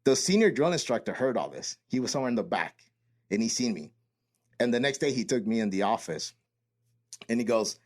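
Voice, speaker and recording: A man's voice: medium pitch, sing-song, brisk, pauses often. A man and Marine veteran telling a boot camp story in casual, profane podcast chat, acting out the quotes.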